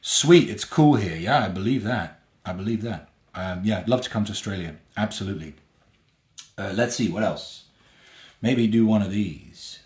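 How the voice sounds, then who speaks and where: A man's voice: fairly low pitch, expressive, normal speed, a little mellow. A man hosting a live fan Q&A and autograph signing, chatting casually and playfully as he reads out fan comments. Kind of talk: casual live-stream chat. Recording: roomy echo.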